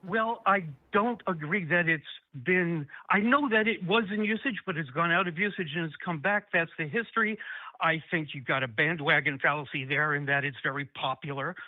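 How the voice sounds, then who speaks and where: A man's voice: on the high side, normal speed, no room sound. A man calling in to a talk show, defending his position insistently. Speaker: caller. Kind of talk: call-in debate. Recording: dry tinny phone line.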